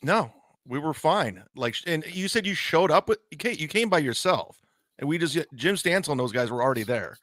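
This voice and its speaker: A man's voice: fairly high pitch, animated, brisk, a bit bright, no echo. Defensive man, dry close sound. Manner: defensive, repeats accusations. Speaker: call-in guest. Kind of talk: casual storytelling and heated argument.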